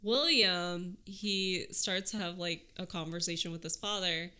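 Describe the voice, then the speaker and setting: A woman's voice: on the low side, a little slow, sharp tone, clean tone. A young woman co-hosting a podcast, retelling a film's plot in casual, chatty storytelling. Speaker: podcast co-host. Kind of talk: casual chat recapping a film.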